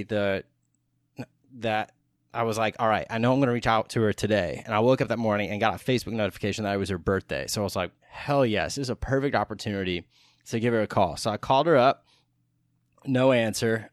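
Recorded cleanly in a studio with no room sound, this podcast host speaks in a lowish voice. He's a thirty-something from Texas, USA, delivering a relaxed monologue full of cursing and frequent restarts.

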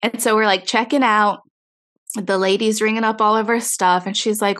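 A woman telling a casual story, animated, swearing freely and acting out the dialogue. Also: medium pitch, moderate pace.

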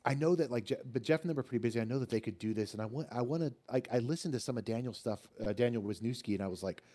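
A male author chatting casually on a podcast, his voice mellow and warm. He rambles in animated bursts, full of fillers and restarts. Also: medium pitch, very fast. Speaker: author guest.

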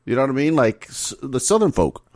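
A man's voice: mid-range voice, big pitch swings, a little fast, a little mellow, slight background noise. A man co-hosting a casual movie podcast, blunt, teasing and opinionated. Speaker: podcast co-host.

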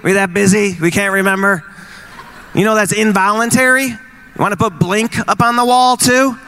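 A married man in his forties doing stand-up comedy, teasing the crowd and acting out quick exchanges in wry bits. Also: high voice, fairly even intonation, bright, forceful tone, clear, resonant tone. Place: live venue with an audience.

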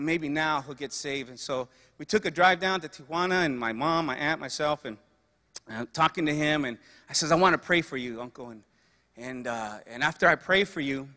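A man's voice: on the high side, sharp tone, big-room sound. A man preaching a sermon, telling stories earnestly and repeating phrases for emphasis.

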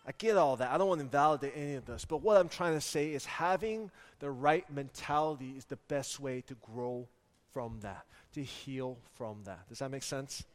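Animated preacher in an echoing hall. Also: male voice, mid-range voice, moderate pace. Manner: animated, humorous storytelling. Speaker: pastor. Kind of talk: sermon with personal stories. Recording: echoey hall.

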